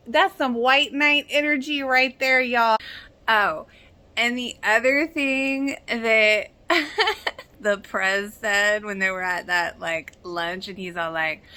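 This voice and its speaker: Woman vlogger, frank and excitable, lively swooping pitch, unhurried delivery; casual review, cursing and laughing freely.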